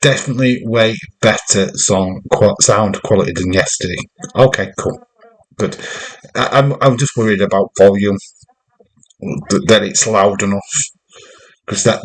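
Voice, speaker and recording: Give me a chatty, slightly low-voiced man casually commentating a wrestling watch-along live. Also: poor audio. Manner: chatty, rambling, jokey.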